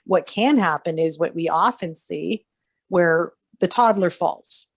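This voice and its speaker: Low-voiced woman chatting animatedly on a podcast. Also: unhurried, creaky, husky, no room sound. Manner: animated, acts out quoted voices. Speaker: podcast co-host. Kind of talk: casual chat.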